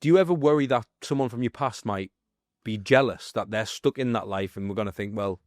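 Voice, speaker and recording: A man's voice: on the low side, brisk, darkish tone, no echo, studio quality. A man hosting a podcast, asking questions in a hesitant way that repeats words. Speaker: podcast host. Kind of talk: interview questions.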